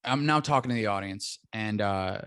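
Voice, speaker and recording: A man's voice: lowish voice, normal speed, a bit bright, clear, resonant tone, no room sound, clean studio sound. A man telling a story in a casual podcast chat, acting out the people he quotes. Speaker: comedian guest.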